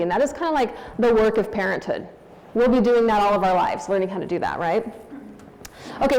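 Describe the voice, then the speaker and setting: A woman's voice: on the high side, a little mellow. A woman in her forties giving a candid, anecdotal talk on parenting as a church speaker, in a church hall. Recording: long hall reverb.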